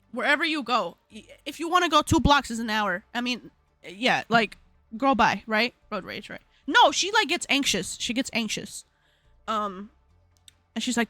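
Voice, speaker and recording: A young woman hosting a live stream, telling a story in a slangy, animated way and laughing often. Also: fairly high pitch, unhurried, pauses often, no room sound, faint music behind. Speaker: livestream host.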